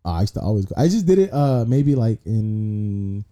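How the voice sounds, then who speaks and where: A man's voice: on the low side, big pitch swings, normal speed, warm tone. A young man, a guest comedian rambling through stories in casual, slangy podcast chat. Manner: rambling storyteller, slangy, peppered with 'bro'.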